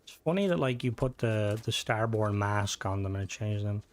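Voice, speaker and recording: A man streaming a game, chatting loosely with viewers while he plays, swearing freely and breaking into excited outbursts. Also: lowish voice, moderate pace. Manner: rambling, profane, reads and answers chat while playing; excitable outbursts during gameplay. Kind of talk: casual gaming livestream chat.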